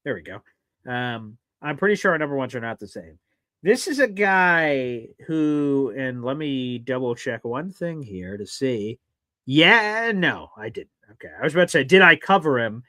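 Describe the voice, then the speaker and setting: Male sports podcast host, bright tense voice, dry close mic, animated chatter. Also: mid-range voice, moderate pace, dry recording, rough recording. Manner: animated, swings into loud exclaiming. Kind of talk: casual sports talk. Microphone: streaming studio mic.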